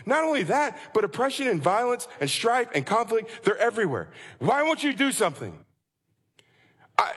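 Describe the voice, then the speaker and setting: A man's voice: sits high, fairly bright tone. A male pastor preaching a sermon with passion, acting out anguished prayers to God. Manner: impassioned, acts out anguished prayers. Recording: long church reverb.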